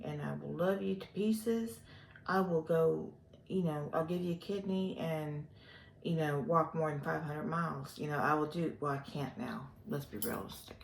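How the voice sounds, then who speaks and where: An older woman from the Gulf Coast of Texas, rambling through a personal vlog with many pauses and fillers. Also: sits low, creaky, darkish tone, roomy sound, slight background noise. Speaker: vlogger.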